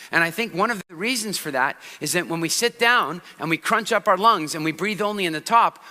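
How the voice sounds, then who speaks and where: A man giving a motivational talk on a conference stage, lively and asking the audience questions. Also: on the high side. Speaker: conference speaker. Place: large hall on stage. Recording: long hall reverb.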